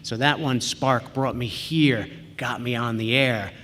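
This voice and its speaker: A man's voice: mid-range voice, a little slow, a bit bright. A man giving a conference talk, telling a personal story in a chatty way with frequent ums and quoted asides. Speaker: conference speaker. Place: large auditorium. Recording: long reverb of a large hall.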